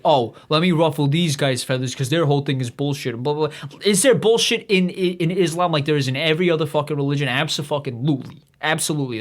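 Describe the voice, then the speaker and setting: Hosting a comedy podcast, this man has a fairly high, slightly bright voice. He delivers a rambling, profane monologue full of restarts, voicing the people he quotes without changing his own voice.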